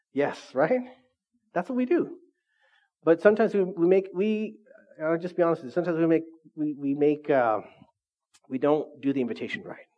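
A man's voice: fairly high pitch, lively intonation, brisk, pauses often, highs cut off. A man preaching a sermon in a church, conversational and often asking the congregation questions. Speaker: pastor.

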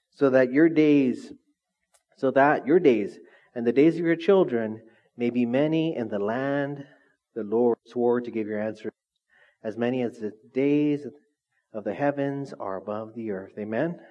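A man's voice: mid-range voice, a little slow, lo-fi sound. Man preaching a conversational sermon. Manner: conversational, lively, asks the audience questions. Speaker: pastor. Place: church hall with congregation.

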